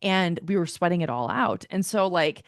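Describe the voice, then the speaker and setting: A woman co-hosting a podcast, telling a story in a lively, casual way, full of "like" and the odd swear. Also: fairly low pitch, normal speed, no echo, studio quality. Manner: animated storytelling, filler-heavy, swears. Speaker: podcast co-host. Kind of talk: casual chat.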